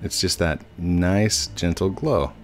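A young man giving chatty, playful gameplay commentary as a YouTuber, laughing often. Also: slow. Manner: playful, chatty, laughs often, squeaky put-on voices when quoting. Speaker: gaming YouTuber. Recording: faint game music behind.

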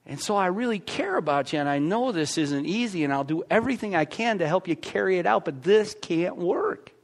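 American guy pastor giving a sermon, talky, lots of little restarts, pitch bouncing around. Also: brisk. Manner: animated, conversational preaching with stammered restarts. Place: church.

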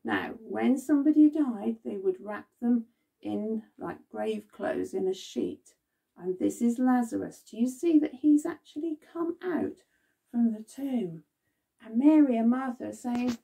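A woman's voice: mid-range voice, slow pace, vocal fry, mellow, breathy edge, distant mic. A woman leading a children's Bible club, telling the story expressively and asking the children questions.

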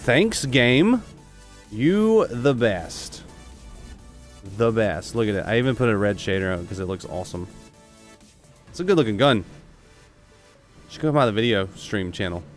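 A man giving casual, rambling, excitable commentary as he streams a video game and talks to his chat. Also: fairly low pitch, brisk, pauses often, faint music behind.

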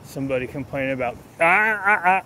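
A man's voice: fairly high pitch, expressive, a little fast, sharp tone, slight background noise. A man vlogging casually while he trains his dogs, telling stories between short, firm commands. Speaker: dog trainer. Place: outdoors with dogs.

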